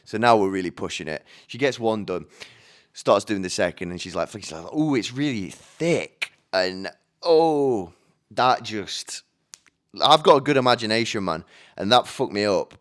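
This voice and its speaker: A man's voice: fairly low pitch, animated, moderate pace. A man hosting a solo podcast, rambling chattily into a microphone with many restarts and casual swearing. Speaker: podcast host. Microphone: studio microphone.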